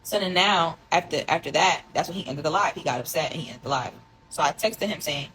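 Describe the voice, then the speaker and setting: A woman's voice: low-pitched, fairly quick, a bit bright, slight background noise, poor audio. A young woman telling a confessional story, rambling and emotional as she reads out old text messages. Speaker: vlogger telling her story. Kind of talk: casual storytime monologue.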